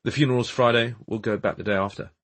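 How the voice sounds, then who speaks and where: A man's voice: mid-range voice, fairly even intonation, fast, voice pushed up, natural voice. A man voicing an irritable, successful male actor in an audiobook, curt and dismissive. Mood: impatient.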